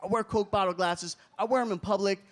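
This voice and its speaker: A man performing a stand-up comedy set on a club stage, animated and shouting some lines. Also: high voice, brisk. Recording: club crowd laughter and room noise.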